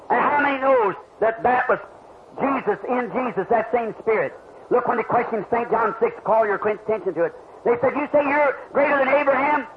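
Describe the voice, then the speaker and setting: A man preaching a revival sermon to a crowd, telling healing stories and asking the listeners questions. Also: very high voice. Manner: fervent, storytelling, asks the crowd questions. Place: large meeting hall. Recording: dull lo-fi archival tape with hiss.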